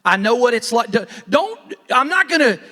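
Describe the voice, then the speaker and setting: High-voiced, lively folksy man. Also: moderate pace. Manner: folksy, rambling, self-interrupting. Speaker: real estate team leader speaking on stage. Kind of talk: casual motivational talk. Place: large conference hall. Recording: long reverb of a large hall.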